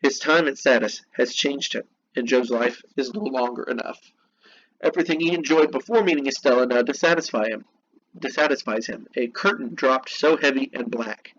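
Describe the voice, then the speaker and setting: A man's voice: mid-range voice, normal speed, fairly bright tone, slightly rough. A man reading lesson notes aloud and explaining them with casual, chatty asides. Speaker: teacher. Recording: dull lo-fi recording with faint noise.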